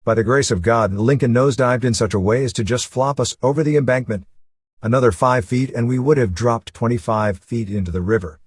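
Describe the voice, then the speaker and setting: A man narrating a first-person memoir in a steady, matter-of-fact storytelling way. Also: mid-range voice, fairly quick, breathy edge.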